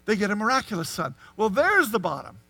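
A man preaching a sermon, animated and full of rhetorical questions to the congregation. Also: sits high, quick pace, vocal fry. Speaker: pastor.

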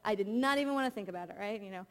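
A woman's voice: mid-range voice, rapid-fire. A woman in her thirties preaching a sermon, telling a candid, confessional personal story.

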